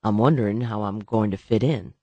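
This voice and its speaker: A man's voice: on the low side, fairly quick, a little mellow, no echo, dull audio, pitched below the performer's own voice. A man voicing an uneasy fugitive. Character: soft-spoken nervous man on the run.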